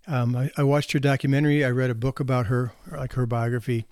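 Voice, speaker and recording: Telling anecdotes about marriage and parenting in an easy, laughing way, a sixty-something physician chuckles now and then and restarts often. His medium-pitched voice is a little mellow, fast, and flat in delivery. Studio-quality audio with no echo.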